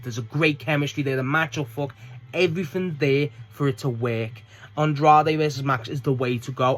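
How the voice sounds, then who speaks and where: A young man giving a casual, rambling spoken review of a wrestling show, excitable and swearing often. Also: mid-range voice.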